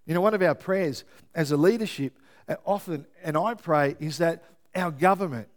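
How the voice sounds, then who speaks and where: A man preaching a sermon as pastor, lively and often checking in with his listeners. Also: fairly high pitch, moderate pace. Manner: lively, keeps checking in with the congregation.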